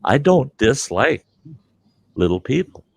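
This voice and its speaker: A man's voice: medium pitch, very animated, takes it slowly, gravelly, dry recording. An older man hosting a livestream, bluntly telling a story and acting out both sides of the argument. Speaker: livestream host. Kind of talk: casual storytelling.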